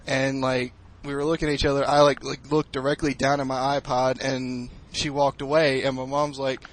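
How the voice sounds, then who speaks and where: A young man co-hosting a casual podcast, retelling an embarrassing story with laughs and cursing, jumping to loud shouts. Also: mid-range voice, moderate pace, low-quality recording. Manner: excitable, laughs a lot, swears, rises to a shout when retelling. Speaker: podcast co-host.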